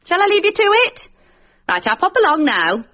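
A woman's voice: very high-pitched, sing-song, moderate pace, bright, forceful tone, lo-fi sound, full character voice. A woman playing a nagging, chatty home carer who fusses and prattles, in a comic radio sketch. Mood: fussing. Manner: prattling, fussing, talking to herself.

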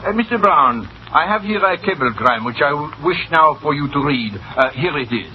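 An actor playing a suave, scheming swindler who gives commands with amused confidence, in 1940s radio acting. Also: male voice, a little high, lively intonation, moderate pace, natural voice. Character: suave scheming man, smug swindler boss. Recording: dull old radio broadcast with faint hiss.

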